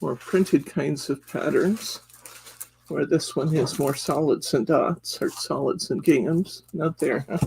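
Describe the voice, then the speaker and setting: Slow, gravelly man hosting a craft demo. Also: fairly high pitch, darkish tone, slight background noise. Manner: chatty, laughs often, greets viewers by name. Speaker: craft class host. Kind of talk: live craft demo chat.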